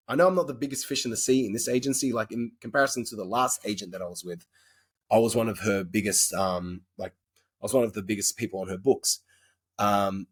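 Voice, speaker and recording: A husky, slightly rough-voiced Australian man chatting as a podcast guest. He talks frankly and in loose, rambling stretches, dropping the odd swear word as he goes. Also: lowish voice. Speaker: guest actor. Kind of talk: casual podcast interview chat.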